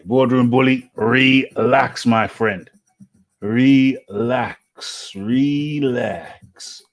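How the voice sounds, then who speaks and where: Slow-talking male podcast host. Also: on the low side. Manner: repeats phrases, laughs easily. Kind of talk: casual live-stream chat.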